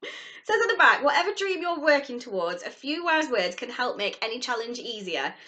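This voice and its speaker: Bubbly woman, high and lively. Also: brisk. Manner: gushing and excitable, squeals at surprises. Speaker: vlogger unboxing a subscription box. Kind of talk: casual unboxing chat to camera.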